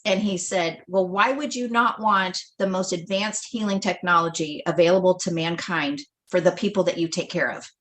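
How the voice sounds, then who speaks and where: A woman's voice: medium pitch, fairly bright tone. A middle-aged woman telling a personal story on a livestream, acting out the dialogue and laughing often. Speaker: livestream guest. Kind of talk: storytelling testimonial.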